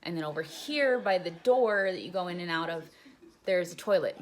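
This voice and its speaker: A young woman with a lowish, expressive voice recounts her time in jail at a normal pace. She rambles casually, swears freely, and says "like" constantly.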